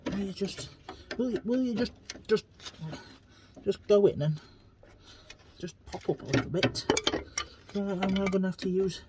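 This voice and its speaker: A man's voice: high-pitched, animated, a little slow, long pauses. Grumbling man, noisy recording. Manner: grumbling, self-mocking muttering to himself. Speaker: home mechanic vlogger. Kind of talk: muttering commentary while working. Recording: loud background noise, workshop clatter.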